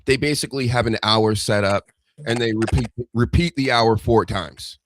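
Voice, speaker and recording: A man chatting as a guest on a casual livestream, laid-back, drawing out his phrases with pauses. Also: mid-range voice, slight background noise.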